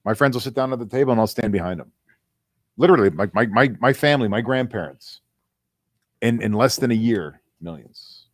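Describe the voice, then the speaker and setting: A man's voice: medium pitch, expressive, no room sound, studio quality. A man co-hosting a casual sports talk show, telling long rambling stories and tripping over his words. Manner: rapid rambling storyteller, stumbles and repeats words. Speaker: co-host. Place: radio studio.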